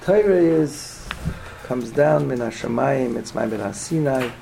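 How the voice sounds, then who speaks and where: Gravelly man teaching a Torah class. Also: medium pitch, expressive, a little slow, mellow, a little hiss or hum, poor audio. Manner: repeats points, checks in with frequent "yeah?"; mixes Hebrew and Yiddish terms into English. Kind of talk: teaching a class, asking and answering questions.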